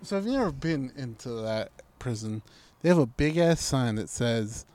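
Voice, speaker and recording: A man's voice: medium pitch, animated, moderate pace, darkish tone, dry recording. Man, casual storyteller, acts out his own lines, swears a lot, close and dry. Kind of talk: casual chat.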